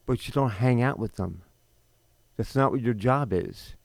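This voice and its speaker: A man's voice: mid-range voice, unhurried, vocal fry, darkish tone, no echo. A man in his fifties hosting a talk show, delivering an unscripted, indignant monologue full of rhetorical questions and restarts. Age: 50s. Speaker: podcast host.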